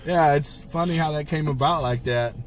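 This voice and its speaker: A man's voice: fairly high pitch, normal speed, a little hiss or hum. A man co-hosting a casual podcast, prompting his partner and laughing along. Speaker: podcast co-host. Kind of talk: casual chat.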